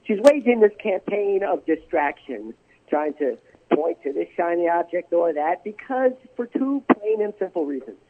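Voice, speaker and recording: A man's voice: high voice, big pitch swings, moderate pace. A man, a congressman, guest on a radio interview, pressing political talking points and restarting his sentences. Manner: combative political talking points, repeats words when starting. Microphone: telephone. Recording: tinny phone line.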